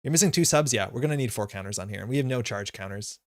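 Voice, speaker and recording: Guy streaming a card game, mid pitch, dry close sound, thinking out loud with lots of uhs. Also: racing, no echo. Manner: thinking aloud, casual, with frequent fillers. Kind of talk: live gameplay commentary.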